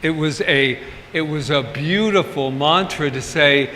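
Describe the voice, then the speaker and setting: Male pastor, fairly high, bright voice; candid, joking sermon delivery; church hall reverb. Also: unhurried, hardly any pauses. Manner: chatty and candid, with humorous asides. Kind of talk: informal sermon. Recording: reverberant hall, faint ambient noise.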